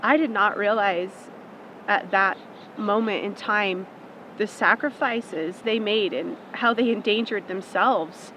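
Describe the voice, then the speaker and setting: A woman's voice: medium pitch, takes it slowly, pushed and bright, a little hiss or hum. A woman giving an emotional, reflective documentary interview. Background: music.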